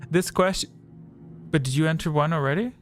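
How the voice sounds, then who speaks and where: Man, streamer quiz host, a little high-pitched, rambling and self-correcting, faint music behind. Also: a little fast. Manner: rambling, self-correcting, reads chat answers aloud. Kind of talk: casual livestream quiz chat. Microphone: desk microphone.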